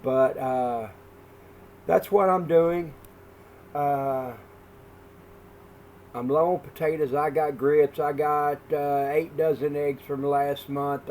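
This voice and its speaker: A man chatting casually on his vlog about stocking his home food shelf, talking in a rambling, folksy way with lots of pauses. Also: mid-range voice, mellow, slight background noise. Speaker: vlogger, home food prepper. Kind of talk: casual chat.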